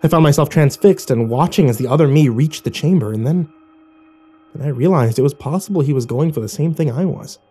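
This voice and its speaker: A man narrating a first-person horror story in a hushed, measured reading style. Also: fairly high pitch, husky. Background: faint music.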